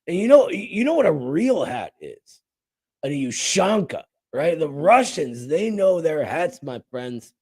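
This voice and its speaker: A man's voice: a little high, big pitch swings, unhurried, darkish tone, slightly rough. A man hosting a show, delivering a mock-outraged comedic rant full of sarcastic asides. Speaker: show host.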